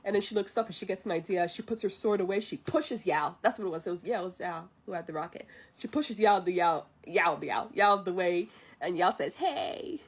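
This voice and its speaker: A young woman streamer casually retelling a film from memory, chatty and pausing to recall details. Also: lowish voice, breathy edge. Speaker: vtuber streamer. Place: livestream at home.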